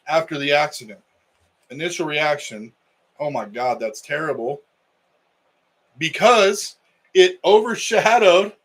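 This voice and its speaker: A man's voice: on the high side, poor audio. A middle-aged man, a wrestling coach co-hosting a podcast, telling a story in casual chat and acting out the quotes.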